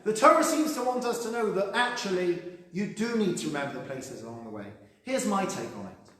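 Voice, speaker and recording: A man's voice: sits high, expressive, a little fast, a bit bright. A rabbi, a man, giving a conversational sermon and telling stories with dry humour. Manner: storytelling, conversational with a dry joke delivery. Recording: echoey hall with long reverb.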